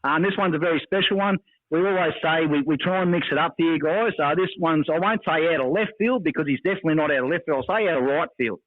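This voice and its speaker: A man's voice: on the high side, quick pace. An Australian man hosting a podcast, rambling with lots of fillers and casual swearing. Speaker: podcast host. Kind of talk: casual chat. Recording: dry, tinny phone-like sound.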